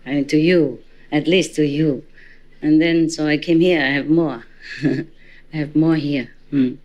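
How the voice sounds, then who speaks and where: A woman's voice: low-pitched, steady tone, a little slow, a little mellow, highs cut off. A woman spiritual teacher giving an informal dharma talk to a gathering, chatty and teasing, laughing often.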